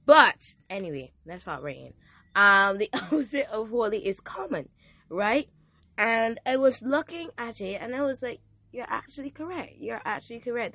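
A woman's voice: medium pitch, no room sound. Fervent woman preaching, voice wearing out. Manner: fervent, builds to loud exclamations, reads scripture aloud. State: losing her voice. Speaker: podcast host giving a devotional. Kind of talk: informal preaching.

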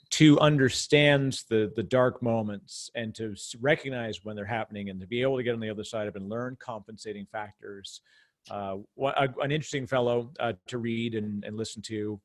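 A man hosting a casual interview, talking in long rambling stretches with frequent restarts and laughs. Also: medium pitch. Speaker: podcast host.

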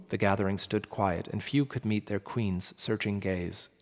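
A man narrating a myth in a measured, dramatic storytelling manner. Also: on the low side. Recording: long reverb with faint music.

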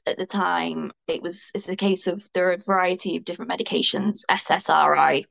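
A woman's voice: on the low side, steady tone, a little fast, vocal fry, fairly bright tone, poor audio. A young woman, a guest speaking frankly and ramblingly about her own experiences in a candid interview. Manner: frank, rambling, self-deprecating.

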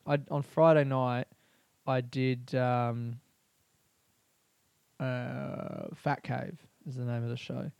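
A man's voice: mid-range voice, creaky, darkish tone, no room sound. A young man, a comedian, talking through a candid, rambling personal monologue full of fillers and swearing. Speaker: comedian podcast host.

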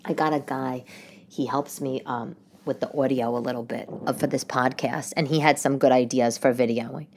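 A woman comedian with a New York accent hosting her own podcast in casual chat, expressive and animated, swinging between loud outbursts and quiet asides. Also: rumbling low, normal speed, a little hiss or hum.

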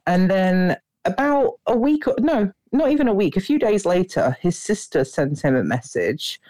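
A woman's voice: medium pitch, sing-song, moderate pace, mellow, dry recording. A woman calling in to a podcast, telling her story in a chatty way with many fillers. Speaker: caller.

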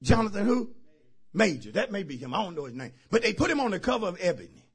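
A man preaching a sermon as pastor. He drives his points with shouted phrases and repeated calls to the congregation. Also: sits high, big pitch swings, fast talker, husky. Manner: emphatic call-and-response preaching, shouting key phrases. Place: church service.

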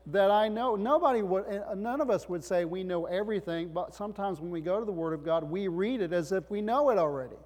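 A middle-aged man preaches with a somewhat raised voice, building into emphatic bursts between rhetorical questions, like a pastor working his congregation. His high, animated, slightly mellow voice moves fast with hardly any pauses, and a long reverb makes it ring out as in a large hall.

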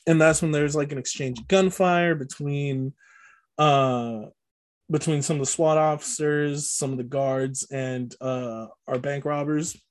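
A man's voice: fairly high pitch, fairly even intonation, a little slow. A man co-hosting a podcast, casually recapping a movie plot with lots of fillers and frequent laughs. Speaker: podcast co-host.

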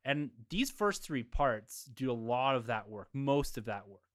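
A man on a podcast panel, giving a measured, analytical review of a film in casual conversation. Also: medium pitch, animated.

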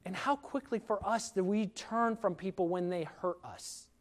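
Earnest high-voiced male preacher. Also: moderate pace. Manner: earnest, emphatic with repetition. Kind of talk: sermon.

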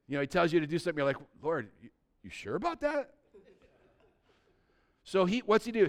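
A pastor in his sixties with a clean, somewhat high voice preaches an animated, conversational sermon. He moves between loud emphasis and hushed, quiet lines, asking his congregation rhetorical questions.

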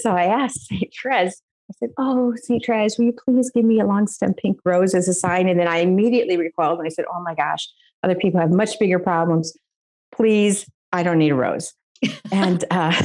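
A woman's voice: on the low side, a little mellow. Middle-aged American woman, interview guest, emotional testimony, earnest delivery. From United States. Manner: earnest, emotional storytelling with laughs. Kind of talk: personal faith testimony.

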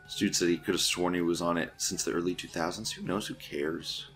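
A man's voice: sits low, steady tone, brisk, fairly bright tone, faint music behind. A man hosting an online news show, reading forum posts aloud and mocking them with crude, profane remarks and frequent laughter.

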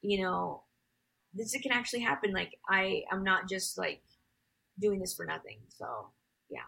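A woman's voice: medium pitch, measured pace, creaky, pushed and bright, breathy edge, poor audio. A young adult woman singer telling her story as an interview guest, rambling with many fillers.

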